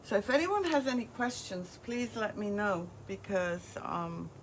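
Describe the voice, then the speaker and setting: A woman's voice: mid-range voice, very animated, unhurried, a little hiss or hum. A woman hosting a live craft demonstration, chatting as she walks viewers through each step. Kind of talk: live craft product demo.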